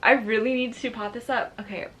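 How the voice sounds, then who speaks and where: A young woman vlogging casually to her viewers, excitable and nervous as she talks through her plants. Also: on the high side, brisk, a little hiss or hum. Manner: excitable and nervous, gasping and laughing often. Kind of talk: casual vlog chat.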